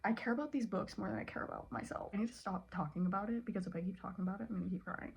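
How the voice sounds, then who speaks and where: A woman's voice: mid-range voice, racing, creaky, darkish tone, a little hiss or hum. A woman in her late teens talking in a casual, tearful vlog, rambling with lots of "like" fillers. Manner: emotional, rambling, many "like" fillers. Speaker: vlogger. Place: bedroom at home.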